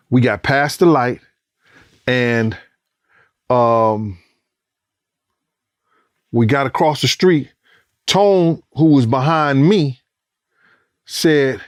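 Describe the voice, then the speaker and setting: Man telling a story, profane and lively. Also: medium pitch, no room sound, clean studio sound. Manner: profane, acts out quotes and sounds, rising excitement. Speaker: former bodyguard recounting events. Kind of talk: animated storytelling interview.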